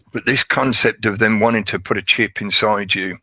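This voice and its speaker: A man's voice: lowish voice, fairly even intonation, moderate pace, pushed and bright, no room sound, low-quality recording. A man hosting a casual livestream, talking at length in a rambling way and greeting chat viewers by name. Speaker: livestream host.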